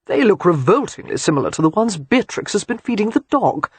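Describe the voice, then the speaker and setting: Woman voicing wry exasperated lord dad, sardonic, jumpy pitch. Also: very animated, a little fast, a little mellow, slightly rough, no echo. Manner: dry and sardonic. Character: exasperated, wry aristocratic father.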